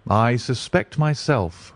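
A man voicing a brilliant, dreamy detective who speaks deliberately and muses aloud. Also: medium pitch, animated, no room sound, voice pushed up. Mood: musing. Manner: deliberate, musing.

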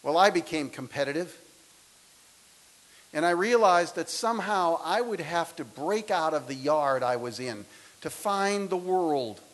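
A man in his sixties giving a motivational speech to students, his delivery swinging between loud emphasis and soft, intimate lines. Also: on the high side, lively intonation, a little slow, poor audio. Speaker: speaker. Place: lecture hall.

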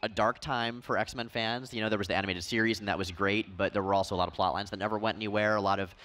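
A man speaking as a podcast guest in a panel interview on a convention stage, quick and enthusiastic. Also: fairly low pitch, steady tone, fairly bright tone, a little hiss or hum. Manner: quick, enthusiastic fan talk.

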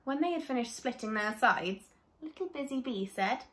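A woman reading a children's story aloud in a gentle, expressive way, often turning to talk directly to young listeners. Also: a little high, moderate pace, roomy sound.

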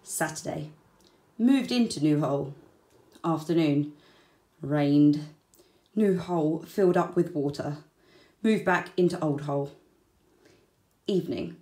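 A woman reading a children's storybook aloud, slow and deliberate, with soft, breathy word endings. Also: low-pitched. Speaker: children's book reader. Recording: roomy echo.

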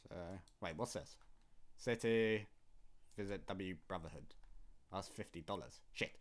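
A man's voice: low-pitched, a little slow, pauses often. A young man casually commenting on his own gameplay, rambling and often laughing. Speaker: gaming YouTuber.

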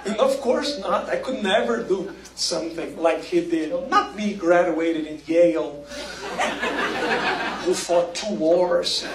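A man from Brazil with a Brazilian accent doing a deadpan, mock-boastful stand-up routine. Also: high voice, slow pace, crowd noise. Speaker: stand-up comedian. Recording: echoey room with heavy noise.

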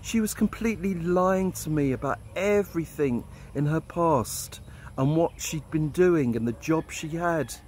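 A man's voice: on the high side, measured pace, a little mellow, slight background noise. Blunt man telling a story. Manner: candid, blunt, swears freely. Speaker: expat vlogger. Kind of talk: storytelling monologue.

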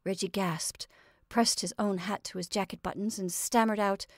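A woman storyteller reading a literary short story aloud in an expressive, varied way, with soft, whispered asides. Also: mid-range voice, normal speed, no room sound, studio quality. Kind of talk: scripted story narration.

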